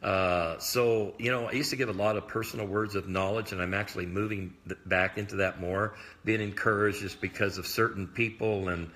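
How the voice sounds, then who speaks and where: A man's voice: on the low side, fairly even intonation, fairly bright tone. A man who is a prophetic minister, talking casually to viewers in a live video, rambling with many fillers like "uh" and "anyhow". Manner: rambling, loose, filler-heavy talk; admits talking fast.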